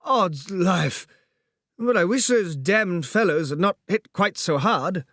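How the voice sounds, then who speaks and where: Foppish English aristocrat, put on by a male narrator: lazy affected drawl, weakened, a touch higher than normal speech. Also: lively intonation, slow pace, a bit bright, no room sound, clean studio sound, exaggerated voice. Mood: weary drawl. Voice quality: sleepy, drawly, affected tones. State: weak and sore.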